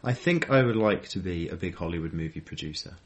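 A man's voice: low-pitched, expressive, brisk. A man co-hosting a podcast, hesitant and apologetic, with a light giggle. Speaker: podcast co-host. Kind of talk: casual chat.

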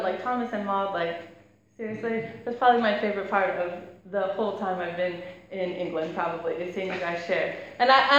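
Woman preacher, thirties, higher voice, friendly storytelling sermon, echoey church hall, light background noise. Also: fairly bright tone. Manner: chatty, laughs while telling stories.

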